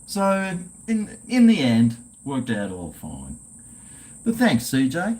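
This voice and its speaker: A man's voice: mid-range voice, huge pitch swings, slow, a little mellow. A man hosting a casual livestream chat, laid-back and swearing freely while drinking. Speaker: livestream host.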